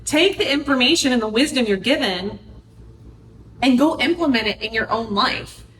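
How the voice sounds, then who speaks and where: A woman talks through a recipe in her home kitchen with a chatty, earnest manner, mixing in life advice and catching her own slips. Her voice sits fairly high. The sound is roomy and she stands back from the camera, with faint noise in the background. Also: animated, moderate pace, a bit bright. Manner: chatty, earnest, self-correcting. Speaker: wellness podcast host. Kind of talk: casual cooking vlog with life advice. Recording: echoey kitchen, voice from far off.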